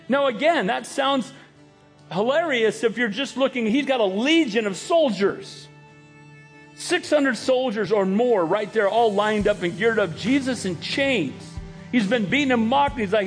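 A man's voice: expressive, normal speed, soft background music. A male pastor preaching a sermon, emphatic and acting out quoted dialogue. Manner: emphatic, acts out quoted dialogue with rising pitch.

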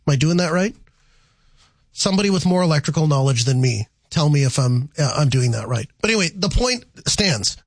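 A man's voice: a little high, expressive, fairly quick, no echo. A man hosting a call-in radio show, thinking aloud and restarting his sentences as he works through answers. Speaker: radio talk show host.

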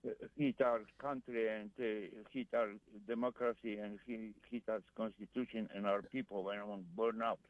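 Mężczyzna, wzburzony rozmówca, stłumiony dźwięk. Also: male voice, on the low side, flat delivery, dry recording, highs cut off. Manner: halting, many fillers and restarts, heated. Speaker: caller. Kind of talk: call-in radio chat.

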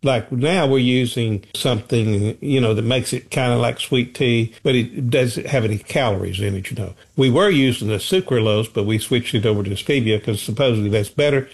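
A man's voice: medium pitch, normal speed, gravelly, hardly any pauses, breathy edge. A man telling rambling, folksy travel stories in casual chat.

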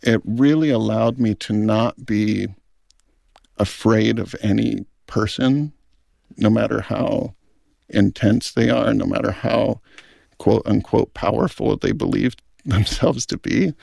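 Gravelly low-voiced male film director. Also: slow, darkish tone, no echo, studio quality. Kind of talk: reflective interview talk.

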